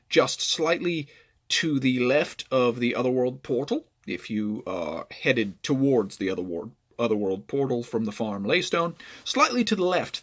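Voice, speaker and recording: A man telling a storytime vlog about online gaming, explaining at length and checking in with "right?". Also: mid-range voice. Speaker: gaming vlogger.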